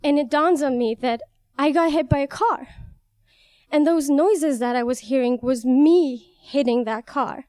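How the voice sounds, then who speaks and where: A young woman from Iran telling a personal story, animated and vivid, laughing at herself now and then. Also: sits high, unhurried, no echo. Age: young adult. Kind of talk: personal story told live.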